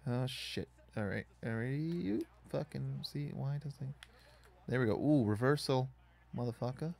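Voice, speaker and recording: A man's voice: mid-range voice, moderate pace, creaky, darkish tone. A man casually commenting on a wrestling video game as he plays, rambling and swearing in frustration at it. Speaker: gaming YouTuber.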